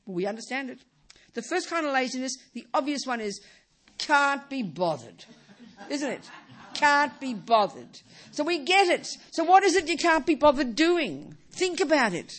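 A woman teaches a Buddhist dharma talk briskly, her high-pitched voice swinging widely in pitch. She speaks in bursts, circles back to repeat or restart phrases, and keeps asking rhetorical questions of her listeners.

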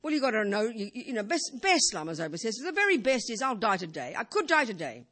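With a high-leaning, very animated voice and a quick pace, an older Buddhist teacher chats through an informal talk. She often says "you know," asks rhetorical questions, and alternates between emphatic and hushed tones.

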